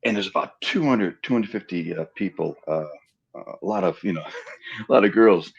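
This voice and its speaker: A husky, gravelly man with a fairly low voice spins stories as an interview guest. He jumps into the voices of the people in his tales. The sound is a little muffled and lo-fi. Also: normal speed. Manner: animated storyteller acting out quoted dialogue. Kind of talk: casual storytelling interview.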